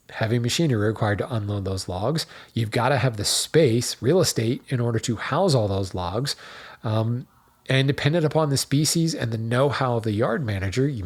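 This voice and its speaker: A man with a husky, mid-pitched voice hosts a show in a relaxed teaching tone. He talks things through step by step, with asides and the odd restart. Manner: conversational, explains step by step with asides and small restarts. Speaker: woodworking show host. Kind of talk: casual educational talk.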